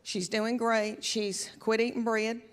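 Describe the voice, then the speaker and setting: A woman's voice: a little high, little pitch movement, slow pace, noisy background. Southern woman in her fifties doing stand-up. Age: 50s. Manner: folksy, chatty, drawling. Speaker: stand-up comedian. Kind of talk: stand-up comedy. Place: live comedy venue with audience.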